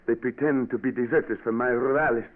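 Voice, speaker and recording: A man's voice: medium pitch, steady tone, fast, close to an everyday voice. An actor playing a ruthless male governor and former rebel chief, commanding and impatient, dropping French words into his lines, in a 1940s radio drama. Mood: boastful. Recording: tinny old radio broadcast.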